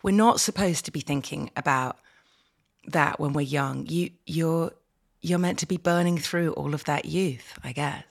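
A woman's voice: low voice, measured pace, vocal fry. A middle-aged woman chatting as a podcast guest, reflective and rambling, laughing often. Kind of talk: casual chat.

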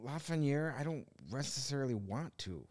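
A man's voice: medium pitch, expressive, normal speed, a little mellow, no room sound, clean studio sound. Blunt opinionated man on a sports podcast. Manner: blunt, opinionated, dismissive asides. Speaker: podcast co-host. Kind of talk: casual sports podcast chat.

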